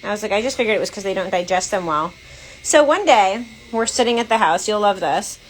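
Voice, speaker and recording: A woman chatting casually about her dogs, telling animated stories, acting out what people said and swearing freely. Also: medium pitch, fairly quick, slight background noise, rough recording. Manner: animated storyteller, acts out quotes, swears freely. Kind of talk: casual chat.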